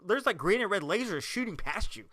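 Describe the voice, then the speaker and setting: A man co-hosting a podcast in casual chat, an excited storyteller who acts out quotes. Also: high voice, fairly quick, dry recording, studio quality. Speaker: podcast co-host.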